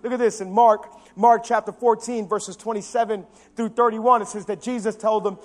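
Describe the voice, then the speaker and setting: Animated high-voiced male pastor preaching. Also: normal speed, hardly any pauses. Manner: animated, swings from loud emphasis to quiet intensity; acts out quotes of biblical figures with his own voice. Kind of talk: sermon.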